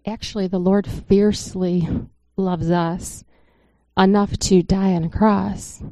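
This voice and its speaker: Woman preaching with a mellow voice. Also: mid-range voice, fairly even intonation, slow pace, no room sound. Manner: conversational, storytelling, earnest. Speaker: church speaker. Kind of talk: informal sermon.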